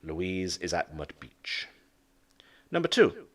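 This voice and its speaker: Slow, lively-voiced male English teacher. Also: lowish voice, far from the mic. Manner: slow, deliberate modeling of intonation. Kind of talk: online English lesson.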